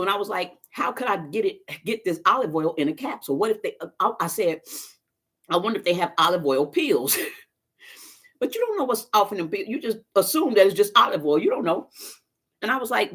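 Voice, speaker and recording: A woman's voice: medium pitch, expressive, fairly quick, fairly bright tone, husky. A woman chatting casually to viewers on a live stream, telling stories in a folksy, talkative way. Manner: chatty storyteller, talks straight to viewers, folksy phrasing. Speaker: vlogger doing a live stream.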